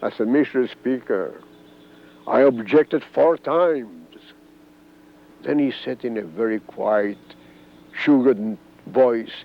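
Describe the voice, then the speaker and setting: A man's voice: mid-range voice, lively intonation, slow pace, a little hiss or hum. Older man telling a vivid oral history. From Corsica. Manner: vivid storytelling, acting out quoted dialogue. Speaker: former congressman recalling events. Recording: dull archival interview tape.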